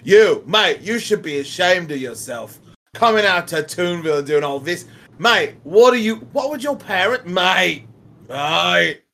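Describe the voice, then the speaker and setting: A man's voice: high-pitched, lively intonation, measured pace, gravelly, pushed and bright, exaggerated voice. A man voicing a chatty male parakeet with an Australian accent, rambling in slang and calling everyone mate. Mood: scolding. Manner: rambling, slangy, scolding, says mate a lot.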